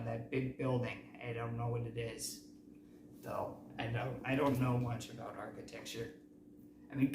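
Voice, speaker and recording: A man's voice: mid-range voice, fairly bright tone. A man hosting a casual movie recap, talking in a rambling, self-correcting way. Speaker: movie review host. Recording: roomy, distant mic, faint noise.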